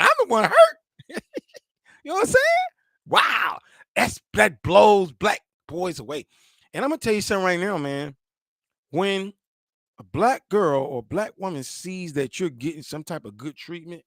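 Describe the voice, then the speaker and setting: Animated high-voiced man commentating. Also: dry recording, clean studio sound. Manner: animated, laughing, repeating himself, mimicking voices. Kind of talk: casual commentary.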